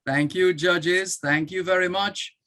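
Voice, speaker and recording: Slow, deliberate Jamaican man hosting. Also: high-pitched, fairly even intonation, pushed and bright. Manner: measured and deliberate, repeats phrases. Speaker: host of a poetry competition. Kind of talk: live-stream emcee commentary.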